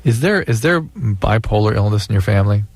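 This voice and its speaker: A man acting as the doctor co-host of a call-in radio show, giving calm, clinical explanations. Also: on the low side, fairly quick, breathy edge, no room sound.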